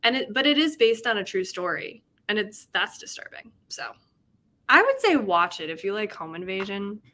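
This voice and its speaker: A woman's voice: medium pitch, very animated, normal speed, bright, forceful tone. A young woman hosting a casual livestream, chatting in a rambling way, laughing often and reading out chat comments. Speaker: livestream host.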